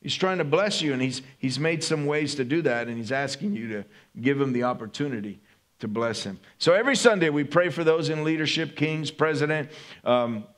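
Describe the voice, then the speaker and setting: A man's voice: on the high side, lively intonation, brisk, a bit bright. A male pastor preaching a sermon in a conversational way, often checking in with the congregation by asking "right?".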